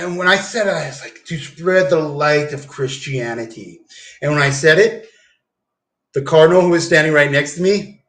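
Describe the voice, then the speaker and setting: A man's voice: a little high, a bit bright. A man rambling and swearing through a meandering livestream monologue at home. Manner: rambling, profane, meandering with fillers.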